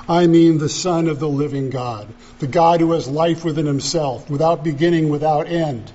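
A man preaching a sermon as pastor, deliberate and emphatic, repeating key phrases. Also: fairly high pitch, mellow, muffled recording.

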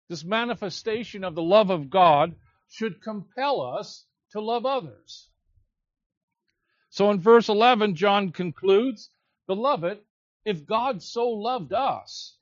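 Man preaching, high voice, slow emphatic delivery, dry close sound, slightly dull lo-fi recording. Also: no echo. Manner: slow, emphatic preaching with drawn-out key words. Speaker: pastor. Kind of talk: expository sermon.

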